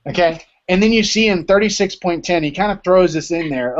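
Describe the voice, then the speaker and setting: Male teacher, casual lecture, keeps asking "right?", slightly high voice, muffled lo-fi audio. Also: a little fast, hardly any pauses, slight background noise. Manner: explains with many rhetorical checks like "right?". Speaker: Greek teacher. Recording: dull lo-fi recording.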